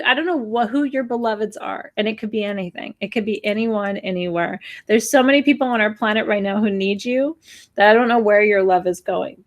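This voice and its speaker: Her voice sits in the mid range. She is a spiritual teacher in her forties, earnestly and emotionally addressing her audience at the new moon, pleading with them and at times acting out gasps and sighs.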